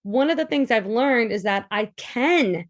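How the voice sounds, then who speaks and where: A woman in her thirties from New York with a New York accent, a guest in a casual interview, talking in animated bursts with quick restarts. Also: a little high. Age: 30s. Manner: animated, talks in bursts with restarts and quoted asides.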